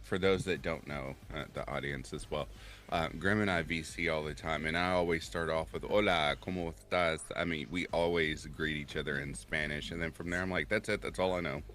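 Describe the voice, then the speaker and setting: A man hosting a casual livestream chat, animated, laughing often and reading out chat comments. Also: extremely low pitch, a little fast, a little hiss or hum. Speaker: stream host.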